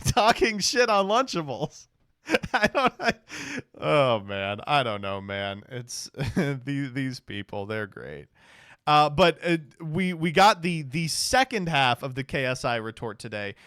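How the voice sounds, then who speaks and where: A man's voice: fairly high pitch, big pitch swings, slow, pushed and bright, smooth, no echo, clean studio sound. A man streaming casual reaction commentary, sarcastic and laughing often, with plenty of swearing. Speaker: streamer reacting to clips and tweets.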